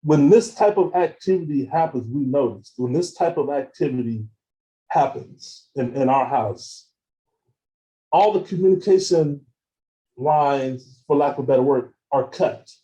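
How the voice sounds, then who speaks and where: A man giving a seminar talk with slides, retelling events in an animated way, acting out phone calls and often repeating words as he goes. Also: medium pitch, unhurried, poor audio. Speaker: seminar speaker.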